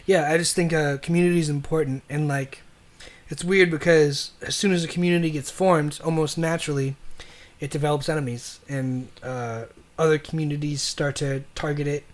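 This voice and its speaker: A man's voice: a little high, steady tone, normal speed. A young man co-hosting a casual podcast chat, rambling and repeating words as he thinks. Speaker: podcast co-host.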